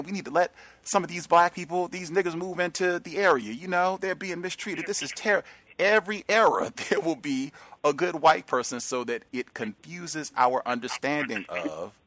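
A man hosting a radio talk show, speaking emphatically and slowing down to stress key words. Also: on the low side, fairly bright tone.

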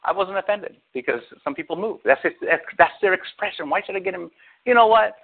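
A man's voice: high voice, fairly quick, creaky. A male pastor preaching a sermon, talking to his congregation with lots of rhetorical questions. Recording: phone-like narrow sound.

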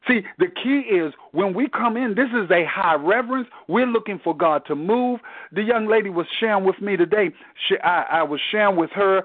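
A man leads a Bible study over the telephone, his voice high and his delivery earnest, restarting phrases as he works toward a point. The sound is thin and phone-like, with no room around it. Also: no echo. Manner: earnest preaching, repeats words as he restarts. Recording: tinny dry phone line.

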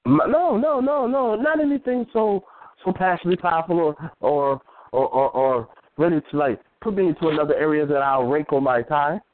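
A man voicing a pompous, overly formal gentleman on a phone line. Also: a little high, a little fast, close to an everyday voice. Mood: flustered. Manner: stiff, overly formal diction.

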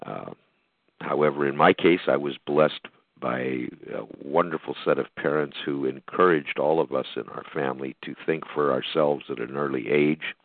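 A man's voice: rumbling low, vocal fry, dry recording. An older American man hosting his podcast, talking in a rambling monologue full of fillers and restarts. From United States. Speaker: podcast host. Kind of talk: reflective monologue. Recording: dry, tinny phone-like line.

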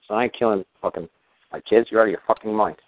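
A man's voice: fairly low pitch, fast talker. A man from New hosting a podcast, telling a story in a rambling, profane way with many fillers and restarts. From New York. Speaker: podcast host. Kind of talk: casual storytelling monologue. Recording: tinny phone-like sound.

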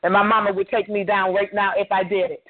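A woman's voice: medium pitch, little pitch movement, fast talker. An older woman preacher delivering a fervent sermon over a phone call, driving her points home with emphatic repetition. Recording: tinny phone line.

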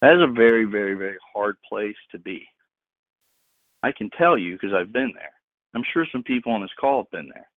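A man's voice: lowish voice, lively intonation, moderate pace, no echo. A man preaching informally to a group on a call, emphatic and slangy, repeating words for stress. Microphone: phone. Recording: tinny dry phone line.

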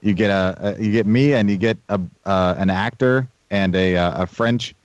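An Australian man with a low voice hosts a podcast, joking along in relaxed chat. His voice sounds dry and a little dull, with no room echo. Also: moderate pace. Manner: joking, hosting segments. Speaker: podcast host. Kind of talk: casual chat.

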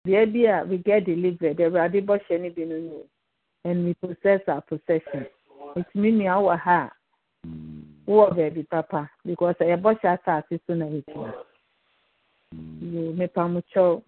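A man's voice: sits high, fairly even intonation, normal speed. A man hosting a church prayer call, making announcements and urging listeners on, mixing Twi and English. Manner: mixes Twi and English, exhorting. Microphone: phone on a call. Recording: tinny phone line.

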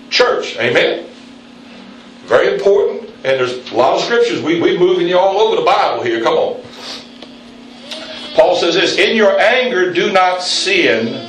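A man preaching a sermon in a church, calling on the congregation for responses and jumping up in pitch for emphasis. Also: a little hiss or hum. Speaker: pastor. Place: church sanctuary. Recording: very echoey room, mic at a distance.

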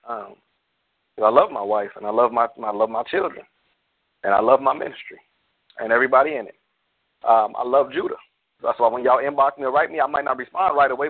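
Pastor guy hosting a call-in, middle pitch, heartfelt, kinda rambly, phone-line sound. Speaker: pastor and call-in show host. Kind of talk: casual call-in talk.

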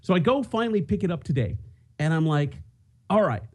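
A man's voice: on the high side, sing-song, brisk, a little mellow. A man co-hosting a podcast, telling a rambling story in casual chat with many restarts. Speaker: podcast co-host.

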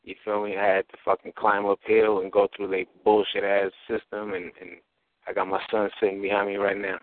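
A man's voice: lowish voice, monotone, a little fast, no room sound. A father on a podcast earnestly advising listeners, often tagging his lines with "man" and "you feel me.". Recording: dry, phone-like band.

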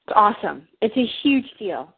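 A woman talking through personal feelings in a coaching session, halting and restarting often. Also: medium pitch, big pitch swings, vocal fry, slightly rough. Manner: halting, hesitant, many restarts. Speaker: client. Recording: dry tinny phone-like line.

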